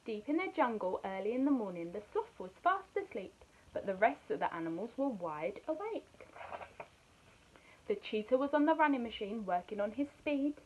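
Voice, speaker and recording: Animated woman reading a children's story. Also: fairly high pitch, normal speed, muffled recording, a little hiss or hum. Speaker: nursery teacher.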